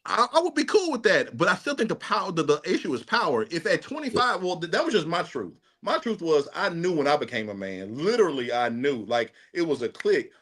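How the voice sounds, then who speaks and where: Guy talking with his boys, slangy and fired up, voice on the higher side that swings all over. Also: brisk, few pauses. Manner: animated, emphatic, slangy. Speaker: fraternity brother in a panel talk. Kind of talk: casual chat.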